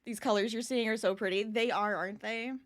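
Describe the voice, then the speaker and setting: A woman's voice: a little high, fairly even intonation, a little fast. A young adult woman chatting casually with her live-stream viewers while she crochets, laughing often as she talks.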